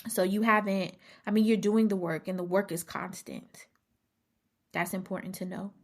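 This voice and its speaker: Woman podcast host, husky rasp, emphatic heart-to-heart talk that repeats itself for weight, slips into hushed asides. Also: medium pitch, steady tone, moderate pace. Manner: emphatic, repeats key phrases, dips into near-whispers. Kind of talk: casual motivational monologue.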